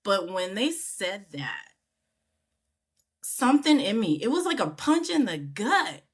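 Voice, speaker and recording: A middle-aged woman from the United States, guesting on an interview, relates a casual story and performs the voices of those she quotes with big vocal leaps. Her medium-pitched voice is sing-song with a breathy edge, and she speaks slowly.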